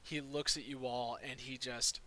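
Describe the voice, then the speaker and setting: A man's voice: medium pitch, normal speed. A man running a tabletop game as dungeon master, describing scenes vividly and ruling on dice rolls. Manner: lively, vivid scene narration.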